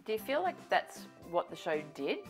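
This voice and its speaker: A woman's voice: mid-range voice, very animated, normal speed, faint music behind. A woman hosting an interview, asking short questions and giving brief supportive replies. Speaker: podcast host.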